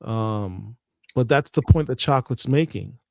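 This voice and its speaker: A man's voice: medium pitch, unhurried, creaky, no echo, studio quality. A male podcast co-host in casual chat, speaking earnestly and building with feeling.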